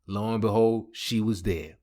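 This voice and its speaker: A man's voice: fairly low pitch, a little slow. A man telling a personal story in a casual, slangy vlog, laughing often. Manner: animated, slangy, laughing a lot.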